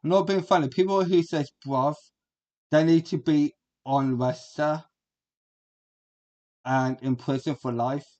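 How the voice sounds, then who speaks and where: A man's voice: fairly high pitch, steady tone, unhurried, pauses often, a little mellow, muffled recording. A man, giving a rambling, crude and combative reaction commentary as a streamer.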